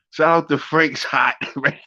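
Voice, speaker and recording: A man's voice: mid-range voice, sharp tone, husky, dry recording. Man, podcast host, laid-back, laughs a lot, dry close sound, slightly muffled. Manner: laid-back, laughs often, restarts sentences. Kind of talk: casual chat.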